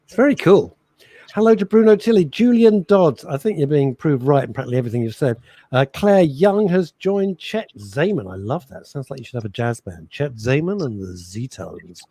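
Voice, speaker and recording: A man's voice: fairly high pitch, expressive, normal speed, mellow, no room sound. A man co-hosting a casual radio chat show, joking while reading listener messages.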